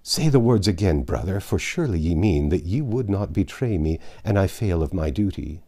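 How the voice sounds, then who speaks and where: A downtrodden peasant charcoal burner, as a male reader puts him on, talking in old-fashioned words that start hesitant and turn earnest. The voice is low and dark, with lively swings in pitch, in a storybook reading. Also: normal speed. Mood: fearful. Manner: hesitant, then earnest archaic speech.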